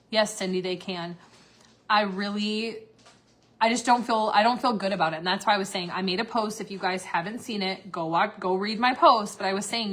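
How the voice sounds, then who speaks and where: A woman's voice: mid-range voice, fairly bright tone. A young woman talking candidly on a livestream, blunt and filler-heavy, swearing freely. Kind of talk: candid casual livestream rant.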